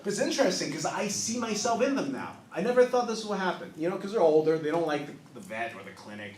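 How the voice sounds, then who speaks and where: A man in his thirties doing a stand-up comedy set on a club stage, telling stories with lively acted-out quotes. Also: sits high, fast talker, distant mic. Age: 30s. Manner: animated storytelling with acted-out quotes. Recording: roomy club recording heard from off-mic with crowd. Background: audience laughter.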